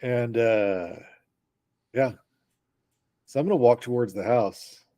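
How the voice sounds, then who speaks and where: A man's voice: medium pitch, slow pace, mellow. An easygoing, joking man playing a character in a tabletop game. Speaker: player. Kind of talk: tabletop role-play chat.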